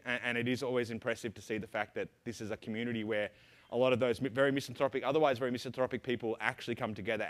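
A middle-aged man with an Australian accent giving a conference talk, rambling and full of ums and restarts. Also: medium pitch. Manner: rapid, rambling, lots of ums and self-interruptions. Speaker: conference speaker. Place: conference hall stage.

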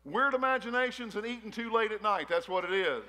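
A man preaching in a high, folksy voice, trading jokes and questions with his congregation. He wears his emotion openly as he preaches. His words ring out with a long reverb through a big church hall. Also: lively intonation, brisk, few pauses, bright, forceful tone. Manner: folksy, joking preaching with crowd call-outs. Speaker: pastor. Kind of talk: sermon. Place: church hall, a former gymnasium.

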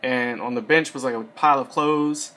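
A man's voice: mid-range voice, steady tone, moderate pace, bright, forceful tone. Chatty young man giving tips. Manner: rambling, filler-heavy, conversational. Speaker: Air Force enlistee giving advice. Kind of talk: casual advice vlog. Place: seated indoors.

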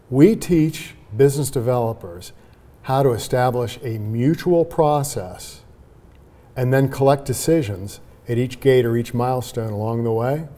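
Emphatic man with a dark, mellow voice. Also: mid-range voice. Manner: animated, emphatic, laughs while explaining. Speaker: sales trainer guest. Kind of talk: conversational interview.

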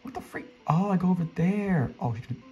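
A man commenting casually on his gameplay, excitable and flustered, often talking to the other players. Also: high-pitched, fast, breathy edge, muffled recording. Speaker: gameplay streamer. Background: faint game music.

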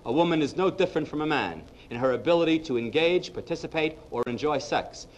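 Male psychologist lecturing to a live audience; slightly higher voice, funny and quick with punchlines. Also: slight background noise, poor audio. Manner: lively storyteller, punchline-driven, addresses the audience directly. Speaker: psychologist giving a public lecture.

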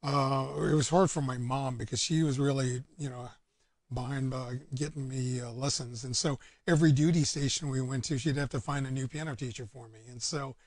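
A man's voice: medium pitch, fairly even intonation, a little fast, no room sound. A man, a guest musician talking in an easygoing, rambling way with lots of fillers. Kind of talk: casual interview chat.

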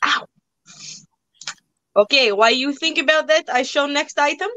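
A woman's voice: high voice, normal speed, bright, forceful tone, dry recording, poor audio. A young woman hosting a live online auction, joking around in a put-on broken-English accent. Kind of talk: live sale chat.

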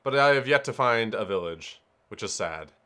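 A man casually commenting on his own gameplay, excitable and swearing, talking to himself as he plays. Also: on the low side, normal speed, clean tone. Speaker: let's player.

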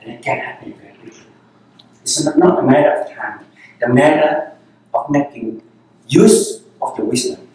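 A male Zen teacher gives a dharma talk in a meditation hall, unhurried and repeating short phrases. His voice sits at an ordinary middle pitch. It rings with heavy echo, picked up from well back in the room. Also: a little mellow. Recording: very echoey hall, voice from far off.

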